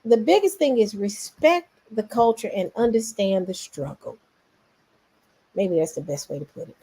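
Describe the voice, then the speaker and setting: A woman with a Southern accent talks casually to her viewers. She rambles in an animated way, jumping between thoughts. Her voice sits at an everyday middle pitch. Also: normal speed, slightly rough. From Memphis, Tennessee. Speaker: vlogger host. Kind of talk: casual commentary vlog.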